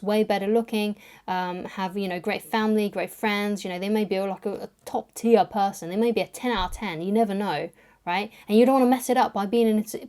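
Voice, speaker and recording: A woman's voice: mid-range voice, mellow. A young adult woman, a life coach, giving relationship advice straight to camera in a conversational way, often checking in with "right?". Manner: conversational, keeps asking "right?". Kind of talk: direct-to-camera advice talk.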